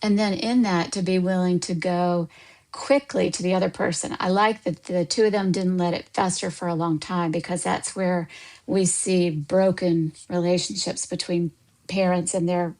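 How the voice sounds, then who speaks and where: A woman counselor speaking as a guest on a radio show, with a somewhat low voice for a woman. Her explanations come across as warm and thoughtful. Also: steady tone, moderate pace, poor audio. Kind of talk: radio interview.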